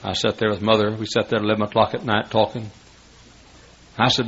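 A man's voice: fairly low pitch, level tone, quick pace. An older man, preaching a sermon through folksy, dramatic storytelling. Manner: folksy, dramatic, building to shouts. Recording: muffled lo-fi recording.

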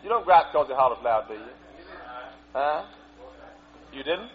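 Preacher man in a church, fiery sermon, yells then goes quiet, muffled old tape with faint hum. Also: very animated, measured pace. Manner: swings from low asides to shouted exclamations. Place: church sanctuary.

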